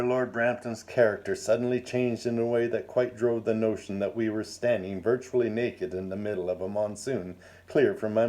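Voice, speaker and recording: A man reading his own first-person story aloud in a measured, wry and formal manner. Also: mid-range voice, mellow.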